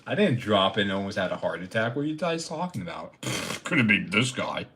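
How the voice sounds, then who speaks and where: Young male streamer, loose profane banter, swings his pitch around a lot. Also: sing-song, fairly quick. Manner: rambling, profane, jokey, talks to chat, bursts into loud mock outrage. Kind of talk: casual live-stream chat.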